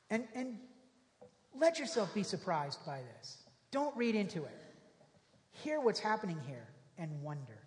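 A pastor delivers a sermon at a middle pitch, moving between scripture reading and loose, emphatic asides. Rhetorical questions land with punch. The voice rings with a long reverb, as in a large church hall. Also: sing-song, normal speed, darkish tone.

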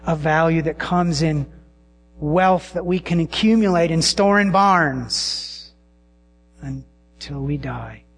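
Slow, hushed-preaching man. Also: a little high. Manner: slow and intimate, dropping to hushed whispers. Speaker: pastor. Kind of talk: sermon.

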